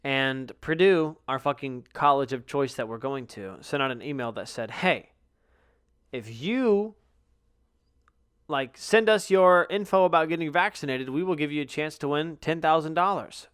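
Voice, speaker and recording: A man's voice: fairly high pitch, moderate pace, fairly bright tone, clear, resonant tone, no echo, studio quality. A young man hosting a casual solo podcast, rambling and swearing constantly, tired and yawning. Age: young adult. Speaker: podcast host.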